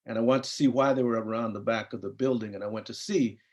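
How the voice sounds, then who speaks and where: A man's voice: medium pitch, steady tone, quick pace, a little mellow. A man in his fifties from California, a psychologist telling an earnest personal story at a briefing and acting out the dialogue. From US (Compton, California). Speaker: psychologist and program founder.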